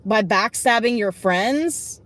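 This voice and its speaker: Woman, late 20s, live-stream reader; fairly high voice, blunt, swears constantly, talks back to chat. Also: lively intonation, slow, a bit bright. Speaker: livestreamer giving card readings.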